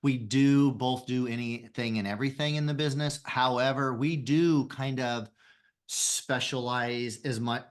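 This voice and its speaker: A man's voice: medium pitch, fairly even intonation, measured pace. A man guesting on a podcast explains how his business works in an earnest, thorough way. He often restarts his sentences as he thinks aloud. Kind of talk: conversational interview.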